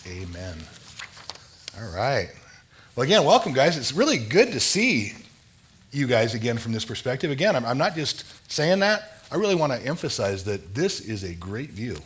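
A man's voice: mid-range voice, big pitch swings, normal speed, fairly bright tone. An older man leading a prayer and opening a church sermon in an earnest, conversational way. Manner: earnest, conversational, self-deprecating. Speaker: lay preacher. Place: church sanctuary.

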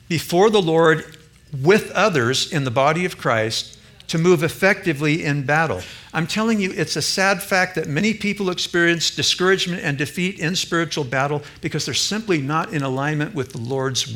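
Male pastor preaching, bright voice, a bit high, keeps asking the church if it makes sense. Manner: emphatic, addresses the congregation directly. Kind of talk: sermon.

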